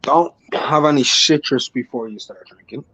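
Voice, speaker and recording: A man's voice: mid-range voice, moderate pace, fairly bright tone, slightly rough. A man giving crude, emphatic advice in a casual chat on a livestream. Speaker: panel guest on a sports talk stream. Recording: dull lo-fi stream audio.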